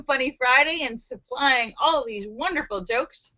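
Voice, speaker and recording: A woman's voice: high voice, a little slow, pushed and bright. A woman hosting a live stream, reading jokes aloud casually and giggling often, on dull lo-fi livestream audio. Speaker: livestream host.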